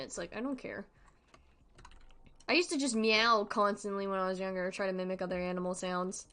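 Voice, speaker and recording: A woman's voice: medium pitch, fairly quick, fairly bright tone, clean tone. A 22-year-old woman streaming a game, chatting casually and playfully with frequent giggles. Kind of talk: casual gameplay chat.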